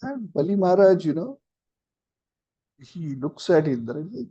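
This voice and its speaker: Warm-voiced man teaching a scripture class. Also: high-pitched, sing-song, normal speed, husky. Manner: storytelling with acted quotes and asides. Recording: dull lo-fi recording.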